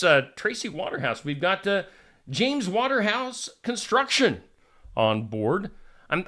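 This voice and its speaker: Male live-stream host, chatty and animated, good-humored banter. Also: a little high. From Iowa. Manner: chatty, jokey, reads out viewer names. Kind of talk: casual live-stream chat.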